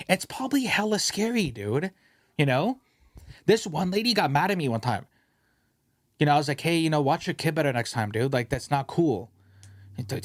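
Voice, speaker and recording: A young man co-hosting a casual podcast, telling stories in an animated way with lots of slang and swearing, sometimes mimicking other people's voices. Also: a little high, dry recording, clean studio sound. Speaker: podcast co-host.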